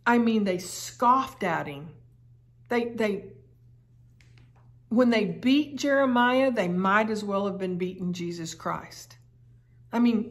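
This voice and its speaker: A woman leads a Bible study at an unhurried pace, speaking in an earnest, emphatic way. Her voice sits in a middle range, and she circles back over her phrases to drive them home. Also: medium pitch. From United States.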